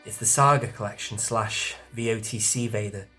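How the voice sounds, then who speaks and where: Man in his forties, low voice, chatty collector, faint music behind. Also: fairly even intonation, moderate pace, pushed and bright, husky. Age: 40s. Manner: chatty, self-deprecating, swears casually. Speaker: toy collector vlogger. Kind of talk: casual shelf tour.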